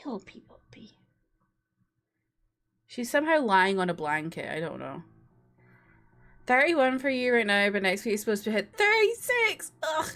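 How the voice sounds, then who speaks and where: A woman's voice: medium pitch, fairly bright tone. A young woman with a Scottish accent, chatting casually with her livestream chat from home, laughing and swearing now and then. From Scotland. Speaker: streamer. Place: home room.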